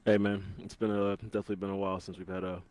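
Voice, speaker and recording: A man with a somewhat low voice playing a tabletop game with friends. He talks in easygoing, joking banter. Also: little pitch movement, racing, a little mellow. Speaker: player. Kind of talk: casual chat while playing a tabletop game.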